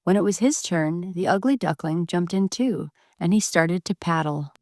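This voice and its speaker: A woman reading a bedtime story aloud in a gentle, expressive way. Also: on the low side, moderate pace, no room sound.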